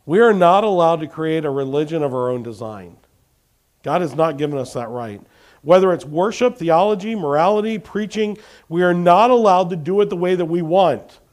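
High-voiced male preacher asking questions. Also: normal speed. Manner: asks the congregation questions, animated storytelling. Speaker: pastor. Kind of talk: sermon.

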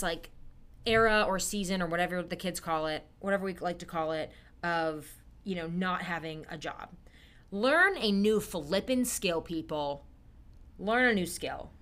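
Her voice sits on the low side with a touch of brightness as this young podcast host and stage performer chats solo in an upbeat, casual way. She drifts off track mid-thought and teases herself about it.

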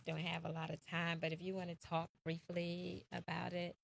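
A woman interviewer with a gravelly edge to her voice speaks gently and encouragingly to her guest. Her tone stays level, with little rise and fall. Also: on the low side, monotone, moderate pace, noisy background. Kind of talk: interview conversation.

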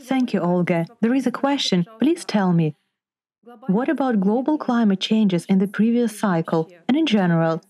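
A woman's voice: medium pitch, animated, moderate pace, warm tone. A woman co-host politely asking the panel a question.

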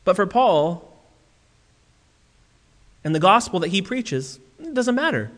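A man preaching a sermon as pastor, animated and acting out quotes in shifting voices. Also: high voice, slow. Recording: long hall reverb.

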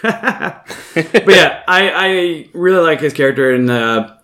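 A man talking excitedly about a movie in a casual podcast chat, laughing often and jumping in over the others. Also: on the high side, takes it slowly. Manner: excitable, laughing, quotes lines in put-on voices. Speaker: podcast co-host.

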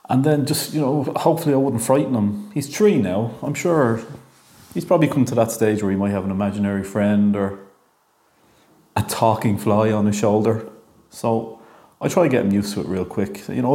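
A man's voice: on the low side, moderate pace, mellow. An Irish man in his thirties telling a rambling, jokey monologue, hesitant and full of ums. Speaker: monologue talker. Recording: echoey room.

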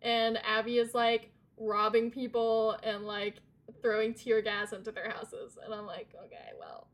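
A woman's voice: a little high, flat delivery, unhurried. A young woman co-hosting a podcast, chatting casually with frequent laughs and lots of filler words. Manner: giggly, rambling, lots of "like". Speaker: podcast co-host. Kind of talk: casual chat.

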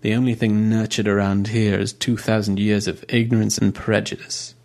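A sardonic woman brushes things off with a cutting, dismissive tone, as a male narrator puts her on. The voice stays close to the narrator's own low range. It is an audiobook figure with a scornful temper. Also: flat delivery, moderate pace, vocal fry, darkish tone.

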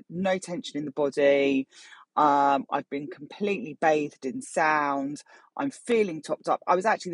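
A middle-aged woman hosts her own show and rambles through a personal story, swearing freely and chatty throughout. Her voice has a husky, breathy edge. The sound is close and dry. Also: sits low, dry recording. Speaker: podcast host. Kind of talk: casual storytelling monologue.

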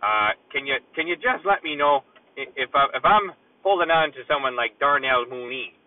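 A man from Chicago leaving a halting, rambling voicemail full of hesitations over a tinny phone line. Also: mid-range voice, expressive, far from the mic. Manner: halting, many filler pauses. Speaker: voicemail caller.

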